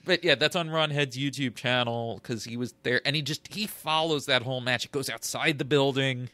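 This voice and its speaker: Podcast cohost guy, bright voice, thinks out loud with lots of uh's, dead dry room. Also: mid-range voice, no room sound. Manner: thoughtful, halting with fillers as he recalls details. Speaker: podcast co-host. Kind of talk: casual podcast chat.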